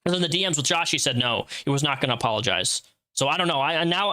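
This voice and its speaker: A man hosting a livestream and reacting out loud to a social media post, blunt and profane as he lectures the person behind it. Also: on the high side, lively intonation, fast. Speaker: livestream host.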